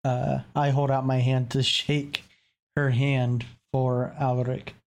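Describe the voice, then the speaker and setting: Casting: easygoing player, man, slow unhurried delivery. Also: mid-range voice, level tone, vocal fry. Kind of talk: casual tabletop game chat.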